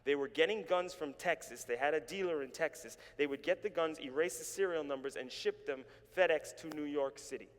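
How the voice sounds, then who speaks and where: Male preacher, fairly high voice, lively storytelling, long church-hall reverb. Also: a little fast, hardly any pauses. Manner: animated storytelling, calls on the congregation to respond. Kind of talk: sermon. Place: church sanctuary.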